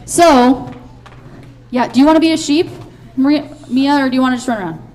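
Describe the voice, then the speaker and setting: A high, lively woman runs a children's Bible play from the front of a church. Her talk is upbeat and playful, full of quick cheers and stage cues for the kids. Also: slight background noise. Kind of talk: directing a children's Bible skit.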